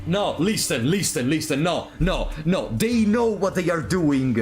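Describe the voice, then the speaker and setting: A man's voice: on the high side, big pitch swings, unhurried, soft background music. A man streamer reacting live to a game, laughing a lot and playfully protesting.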